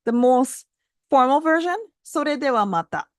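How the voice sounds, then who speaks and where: Woman teacher, casual lesson delivery, bouncy pitch on examples, dry close sound. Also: fairly quick, no room sound. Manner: models phrases with lively pitch jumps, laughs lightly. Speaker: Japanese language teacher.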